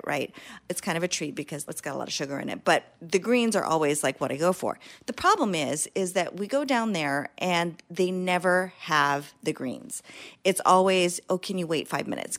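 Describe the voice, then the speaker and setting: A woman co-hosting a podcast, chatting candidly and telling stories in a casual way. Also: on the low side. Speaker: podcast co-host. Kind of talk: casual chat.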